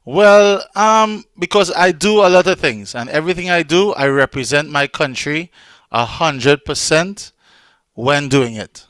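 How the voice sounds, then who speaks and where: Trinidadian male host, loose and joking on a video call, smooth clear tone, dry sound. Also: fairly high pitch, lively intonation, a little slow, a bit bright, dry recording. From Trinidad and Tobago. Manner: chatty, loose and joking, with many ums. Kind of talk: casual online show hosting.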